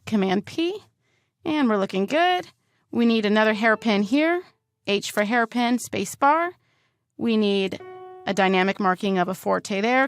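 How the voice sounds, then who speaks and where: A woman teaching music notation software, calmly talking through each keystroke step by step. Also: medium pitch. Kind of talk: screen-recorded software tutorial.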